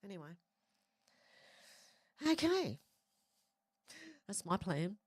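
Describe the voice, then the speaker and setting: A woman's voice: mid-range voice, lively intonation, moderate pace, no room sound, studio quality. An Australian woman hosting a livestream, chatting casually as she reads viewer comments aloud. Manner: chatty, reads chat aloud with frequent fillers. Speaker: livestream host. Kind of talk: casual chat reading live comments.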